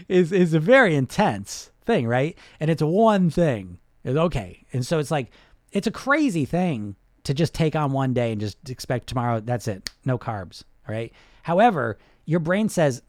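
A man coaching weight loss in a casual talk straight to his viewers, quick and animated, full of fillers and restarts. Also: a little high, no echo, clean studio sound. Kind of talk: casual direct-to-camera talk.

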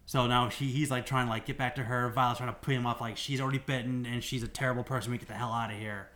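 A man's voice: medium pitch, steady tone, fast talker, a bit bright. A man on a podcast casually recapping a game's story in a rambling way, full of "like"s and restarts. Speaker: podcast co-host.

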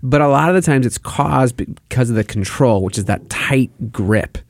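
A man's voice: medium pitch, animated, normal speed, vocal fry, a little mellow, no room sound, clean studio sound. A man co-hosting a casual faith podcast, explaining ideas with vivid word pictures. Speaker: podcast co-host giving advice.

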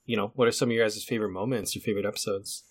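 A man's voice: lowish voice, fairly even intonation, rapid-fire, slightly rough. A man co-hosting a podcast, steering a casual chat in an easygoing, chatty way. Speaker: podcast co-host steering the discussion.

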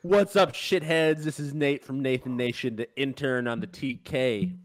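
A man's voice: medium pitch, fairly even intonation, moderate pace. A young man co-hosting a casual podcast as the intern, cracking jokes and heckling playfully.

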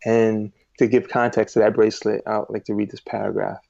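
A man, an author, reading aloud from his book with expressive storytelling. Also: lowish voice, fairly quick, vocal fry, hardly any pauses, no room sound, lo-fi sound.

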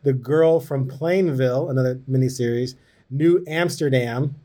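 A man's voice: mid-range voice, moderate pace, dark tone. A man hosting a podcast interview, teasing the guest with dry humor. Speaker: podcast host.

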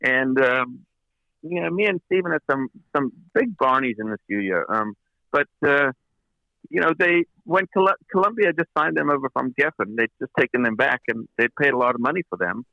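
A man's voice: mid-range voice, expressive, normal speed, gravelly, no echo, muffled recording. A man, a record producer as an interview guest, telling long anecdotes with many fillers and restarts. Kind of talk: interview storytelling.

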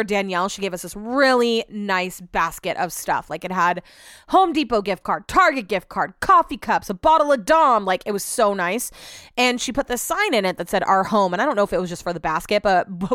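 A woman's voice: medium pitch, fairly bright tone, smooth, no echo, clean studio sound. A woman hosting a casual solo podcast from home, talking candidly and chattily with lots of filler words. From Sacramento area, US. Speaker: podcast host.

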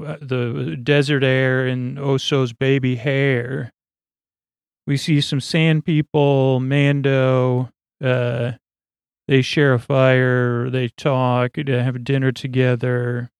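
A man's voice: mid-range voice, creaky, clean tone, no echo, clean studio sound. A man hosting a podcast, recapping a show in a meandering, filler-heavy way. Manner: rambling, lots of fillers and asides. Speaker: podcast host.

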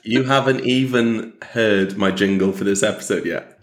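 A man's voice: fairly low pitch, normal speed, reverberant. A man co-hosting a casual podcast, joking and teasing and laughing often. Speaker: podcast co-host.

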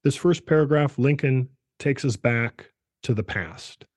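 A man's voice: medium pitch, measured pace, darkish tone, no room sound. Middle-aged male professor, lecturing voice, dry close sound, keeps saying "right". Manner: peppers speech with "right" and restarts. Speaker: political science professor, guest. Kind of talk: explanatory discussion.

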